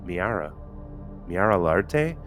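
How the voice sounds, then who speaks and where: A man's voice: sits low, sing-song, takes it slowly, a bit bright, soft background music, exaggerated voice. A man voicing a young alien woman who wakes up hurt and confused, with a dry, scratchy throat and a hesitant manner. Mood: surprised.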